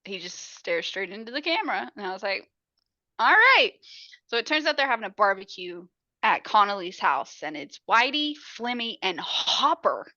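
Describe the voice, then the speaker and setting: A woman's voice: mid-range voice, sing-song, normal speed, pushed and bright, no room sound, muffled recording. A woman podcast host casually recapping a crime movie in a chatty, profane way.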